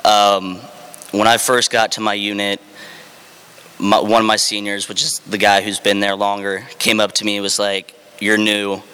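A man's voice: fairly low pitch, little pitch movement, moderate pace, pushed and bright, smooth, long reverb tail. A man, a former Marine, candidly telling his own story with fillers and dry, self-deprecating humor.

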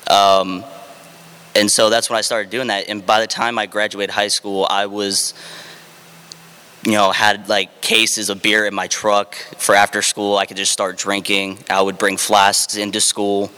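Ex-Marine storyteller, frank and self-mocking, crisp and forceful tone. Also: male voice, fairly low pitch, little pitch movement, measured pace, long reverb tail. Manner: frank and self-deprecating, with fillers and dry humor. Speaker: former Marine sharing his drinking story. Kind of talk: candid personal storytelling.

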